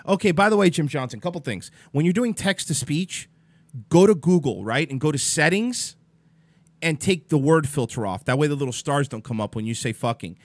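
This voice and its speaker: A man's voice: on the high side, lively intonation, moderate pace, dry recording. A man hosting a livestream, venting in an exasperated, profane casual rant at his chat viewers. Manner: swears freely, exasperated, addresses chat viewers by name. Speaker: livestream host.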